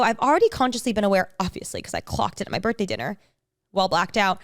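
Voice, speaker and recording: A woman co-hosting a podcast, telling a story in an animated, gushing way. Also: medium pitch, fast, no echo, studio quality. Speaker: podcast co-host. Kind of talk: casual chat.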